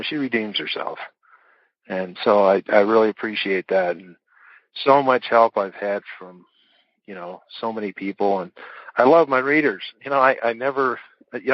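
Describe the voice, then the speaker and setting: A man's voice: lowish voice, no room sound. A middle-aged man, an author guest in a casual interview, rambling through stories with fillers and chuckles. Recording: dull dry lo-fi audio.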